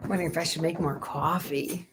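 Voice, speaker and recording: A woman's voice: deep voice, steady tone, fairly quick, noisy background. A woman who practices Reiki, chatting casually on a livestream at home at night and cooing to her dogs in baby talk.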